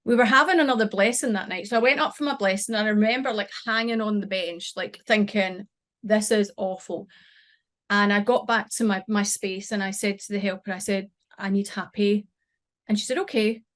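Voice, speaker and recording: A middle-aged woman, a podcast guest, recounting a personal experience in an emotional, halting way with many restarts. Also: medium pitch, fairly even intonation, a bit bright. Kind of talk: personal storytelling.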